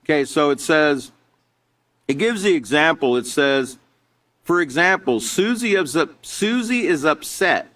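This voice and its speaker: Guy teaching a live online class, reads off slides and asks the class questions, voice on the higher side. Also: animated, a little slow, a bit bright. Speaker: character education teacher.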